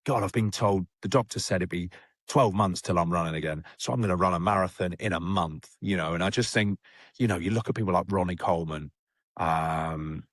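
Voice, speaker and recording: A man's voice: sits low, a bit bright, no echo, studio quality. A young man, a guest on a rehab talk show, telling a story in a chatty way with many restarts. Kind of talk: casual storytelling chat.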